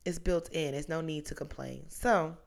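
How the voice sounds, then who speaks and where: Chatty low-voiced woman in her twenties. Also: steady tone, normal speed, creaky. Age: 20s. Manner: chatty, rambling, goes off on tangents. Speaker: podcast host. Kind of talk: casual solo podcast monologue.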